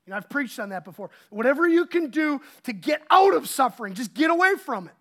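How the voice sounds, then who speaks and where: Pastor in church, male, high and highly varied pitch, animated delivery that drops to hushed asides. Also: fast, few pauses. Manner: animated, swinging between loud emphasis and hushed asides. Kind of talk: sermon.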